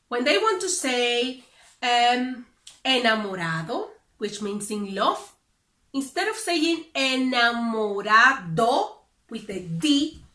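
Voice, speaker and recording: A Spanish teacher from the Dominican Republic, speaking English with a Dominican Spanish accent, explaining things deliberately and correcting common claims. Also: female voice, high voice, pushed and bright. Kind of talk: explanatory lesson to camera. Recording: echoey room, mic at a distance.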